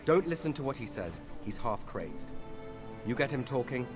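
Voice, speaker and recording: A man voicing a brisk city guard officer who gives orders curtly. His voice is mid-pitched and even. Game music plays clearly under him. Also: natural voice. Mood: commanding. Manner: curt, commanding. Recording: game audio with music behind.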